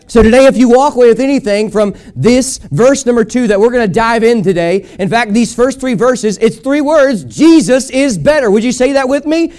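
A man with a notably high voice preaching a sermon at a church service. He hammers points home through rhythmic repetition and asks the congregation to speak with him. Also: expressive, normal speed, few pauses, darkish tone. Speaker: pastor.

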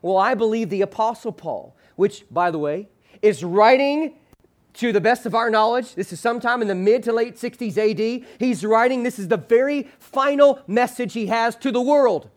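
Man, pastor, sermon, high voice, call-and-response, phrase endings trailing low. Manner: preacher leading the congregation in call-and-response, slowing hard on the key phrase; drops low and soft at the ends of phrases. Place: church sanctuary with a screen behind him.

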